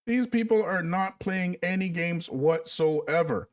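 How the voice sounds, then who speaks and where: A high-pitched man talks to his livestream viewers in a casual, emphatic way and calls them "family". He sounds a little back from the microphone in a dry, dead room. His tone is preachy and full of conviction. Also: a little slow, no room sound, distant mic. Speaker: livestream host.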